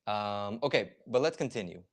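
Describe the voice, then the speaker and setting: A man's voice: fairly low pitch, expressive, moderate pace. A man hosting a casual live reaction stream, explaining slang in a loose, filler-heavy way. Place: lives in Ecuador.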